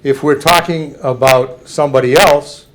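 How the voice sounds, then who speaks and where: An older man giving a public talk, slowly and carefully explaining examples to an audience. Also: fairly high pitch, fairly even intonation, fairly bright tone.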